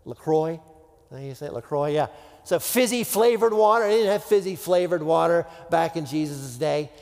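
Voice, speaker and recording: Pastor preaching in a reverberant hall. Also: male voice, a little high, fairly quick, vocal fry, darkish tone. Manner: casual, rhetorical asides, frequent restarts. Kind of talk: conversational sermon.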